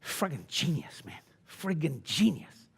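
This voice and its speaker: A man in his sixties, a chiropractor giving a live seminar talk, blunt and swaggering with salty language and sudden loud shouted bursts. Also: a little high, sing-song, a little slow, creaky, husky.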